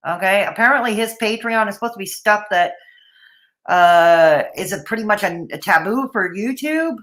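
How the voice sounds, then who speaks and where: A woman's voice: medium pitch, expressive, moderate pace, fairly bright tone. A woman hosting a casual livestream, blunt and opinionated, greeting chat viewers by name between comments. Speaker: livestream host.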